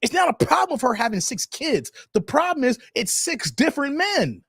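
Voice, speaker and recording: A man's voice: very high voice, sing-song, moderate pace, vocal fry, fairly bright tone, slightly rough, no echo, studio quality. A man hosting a livestream, reacting to videos with blunt, profane, emphatic rants and reading out chat messages. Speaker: live-stream commentary host.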